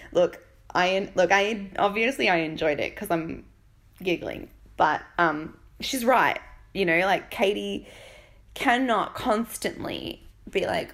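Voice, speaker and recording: A woman's voice: fairly low pitch, takes it slowly. A woman, casually recapping a reality show, blunt and indignant, with many fillers and restarts. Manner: chatty, blunt and indignant, with fillers and mocking quoted voices.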